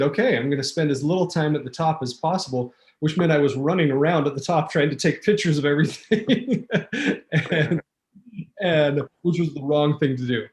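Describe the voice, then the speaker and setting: A man telling a vivid personal story as a talk show guest, acting out quotes, with fillers and restarts. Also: fairly high pitch. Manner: animated storyteller, acts out quotes.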